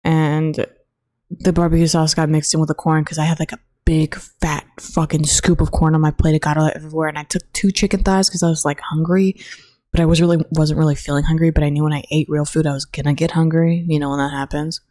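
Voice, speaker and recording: A woman's voice: low-pitched, level tone, fairly quick, warm tone, no echo. A young woman in college hosting a casual solo podcast, rambling with lots of fillers and swearing, recorded close on her own mic in a dorm room. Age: young adult. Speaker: podcast host.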